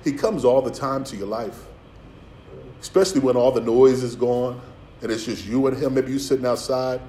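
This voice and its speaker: A middle-aged man preaching a sermon in a lively, conversational way. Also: mid-range voice, moderate pace, echoey room. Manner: animated, conversational preaching with acted asides. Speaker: pastor.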